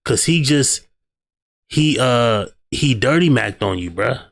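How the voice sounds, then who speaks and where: A man's voice: mid-range voice, animated, slow pace, gravelly. Slangy man doing reaction commentary. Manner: slangy, teasing, says "bruh" often. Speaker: reaction video host.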